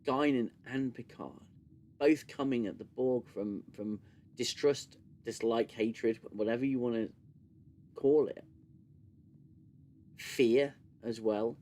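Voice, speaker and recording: A man hosting a casual live discussion stream, talking in long animated runs and sometimes mimicking gushing voices. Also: mid-range voice, slow, long pauses. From United Kingdom. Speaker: podcast host.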